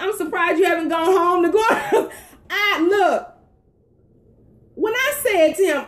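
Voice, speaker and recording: A woman telling a story about her husband in a casual live-stream chat, animated and laughing, talking straight to her viewers. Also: very high voice, slow, long pauses. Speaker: wife co-hosting a live stream. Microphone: phone.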